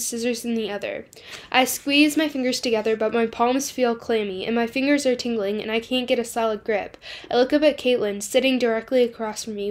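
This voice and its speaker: Woman reading a novel aloud. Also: on the high side. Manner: first-person reading with small slips. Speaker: book club host.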